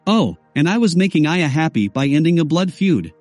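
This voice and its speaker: Man reading an audiobook, slightly high. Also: brisk, hardly any pauses, no echo, soft background music. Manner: steady scripted reading. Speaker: audiobook narrator. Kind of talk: first-person audiobook narration.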